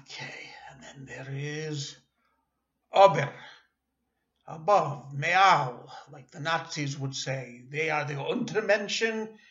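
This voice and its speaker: A man's voice: a little high, slow, fairly bright tone. A man teaching a language lesson, speaking patiently with hesitant fillers and correcting himself as he goes. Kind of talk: slow spoken language lesson. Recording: echoey room, dull lo-fi sound.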